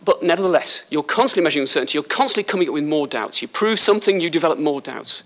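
A man from Liverpool with a slight Liverpool accent gives a school talk as a surgeon, chatty and joking with the pupils. His voice sits a bit high for a man and sounds bright and forceful. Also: lively intonation, very fast. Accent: Liverpool English. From Liverpool, England. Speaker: guest speaker, surgeon. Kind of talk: school speech. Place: school hall.

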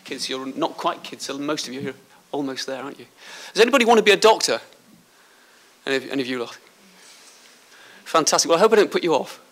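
A man's voice: on the high side, lively intonation, fast, fairly bright tone. A man from Liverpool, a surgeon, giving a chatty, joking talk to pupils at a school. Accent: Liverpool English. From Liverpool, England. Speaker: guest speaker, surgeon. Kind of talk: school speech. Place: school hall.

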